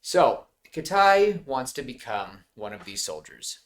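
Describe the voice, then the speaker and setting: A man's voice: medium pitch, measured pace. A man co-hosting a podcast, chatting casually and rambling about a film, with frequent laughs and restarts. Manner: rambling, animated, laughs often. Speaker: podcast co-host. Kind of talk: casual movie chat.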